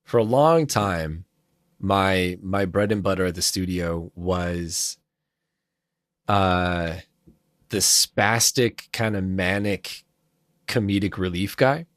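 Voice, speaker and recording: A man, a voice actor, talking casually in an interview, chatty and self-deprecating, with quick asides. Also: deep voice, dry recording, clean studio sound. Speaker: voice actor guest. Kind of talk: casual chat.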